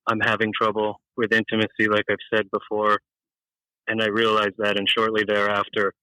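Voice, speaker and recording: A halting, awkward caller, as a man plays him. His voice is low and flat, with a tense, bright edge, and is recorded dry. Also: no room sound, poor audio. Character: awkward shy caller with intimacy trouble. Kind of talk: improvised comedy sketch.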